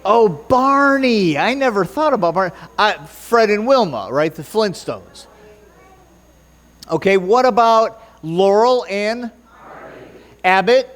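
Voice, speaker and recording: A man's voice: high voice, animated, slow, fairly bright tone. A man preaching a sermon in church, joking and bantering with the congregation and stumbling over his notes. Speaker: pastor.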